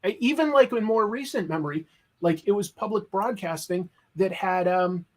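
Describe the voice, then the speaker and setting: Middle-aged man from boston, kinda high-ish voice, chatty guest, says like a lot. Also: normal speed. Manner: chatty and enthusiastic, full of likes and restarts. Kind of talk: casual chat.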